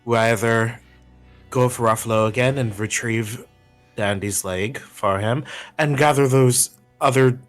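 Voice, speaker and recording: Man, tabletop player, mid pitch, brisk plain planning talk, faint music. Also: steady tone.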